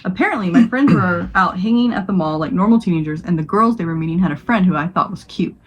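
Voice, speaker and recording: A young woman with a fairly low voice reads a creepy short story aloud as a podcast co-host. She trips over words now and then and laughs at her own slips. The reading is casual rather than polished. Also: animated, fast, breathy edge, rough recording.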